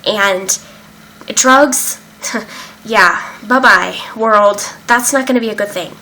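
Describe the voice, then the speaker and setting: Bright-voiced young woman, candid vlog. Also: medium pitch, slow, rough recording. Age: young adult. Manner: candid and emotional, with frequent fillers and swearing. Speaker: vlogger sharing her recovery story. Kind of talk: casual personal account.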